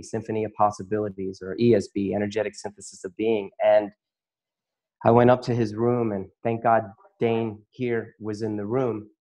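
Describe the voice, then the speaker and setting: A man's voice: lowish voice, a little mellow. A man who works as a chiropractor and facilitator, giving an earnest, emotional personal testimony to an audience and often breaking into laughter.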